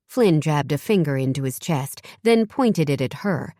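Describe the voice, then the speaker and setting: A woman narrating an audiobook in a measured storytelling manner. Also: low voice, lively intonation, dark tone, no room sound, studio quality. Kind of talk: scripted narration.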